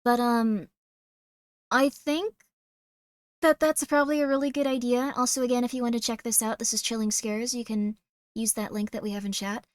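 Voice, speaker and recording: A young woman hosts a stream and rambles through casual reaction commentary, full of fillers. Her voice sits a bit high. The sound is dry and close. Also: fairly even intonation, normal speed, no echo. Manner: rambling, chatty, filler 'like'. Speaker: streamer host.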